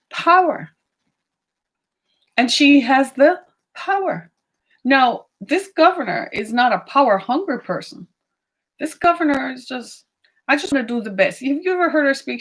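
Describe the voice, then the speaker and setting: A woman giving opinionated commentary, emphatic, asking rhetorical questions and slowing down on key points. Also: sits high. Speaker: political commentator.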